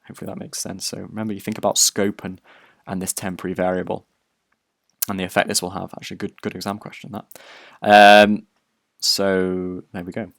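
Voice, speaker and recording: Male programming lecturer, low-pitched, conversational, dry close-mic recording. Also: little pitch movement, fairly quick, creaky, a bit bright, no room sound. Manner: explanatory, conversational, many fillers and restarts.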